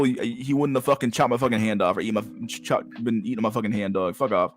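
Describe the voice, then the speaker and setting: A man's voice: on the low side, quick pace, hardly any pauses. A young man hosting a casual livestream, talking in a crude, profane way while reacting to chat. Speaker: livestream host.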